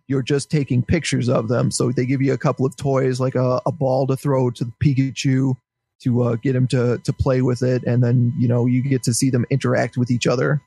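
A man's voice: medium pitch, darkish tone, breathy edge, dry recording. A man in casual podcast chat, wry and a little hesitant, often chuckling. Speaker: podcast co-host.

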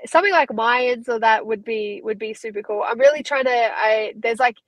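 A woman's voice: a little high, normal speed, no room sound, low-quality recording. An Australian woman in her thirties, a guest fighter chatting casually in an interview, rambling and upbeat.

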